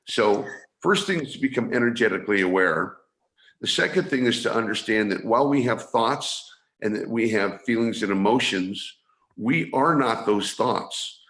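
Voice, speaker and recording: A man's voice: on the low side, expressive, normal speed, a bit bright. A man from San Francisco, a guest on a video call, earnestly explaining his training and often restarting his phrases. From San Francisco, USA. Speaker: guest, energy awareness trainer. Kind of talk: explanatory interview talk. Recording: roomy video call audio.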